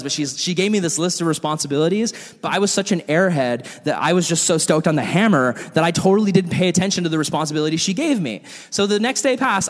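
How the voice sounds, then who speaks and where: A man preaching a sermon in a church hall with animated, comic storytelling. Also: fairly high pitch. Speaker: pastor. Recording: long hall reverb.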